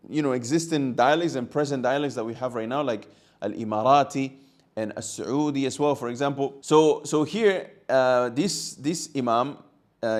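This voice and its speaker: A man's voice: medium pitch, darkish tone. A man teaching a language lesson in a casual, explanatory way, often restating his phrases as he works through a point.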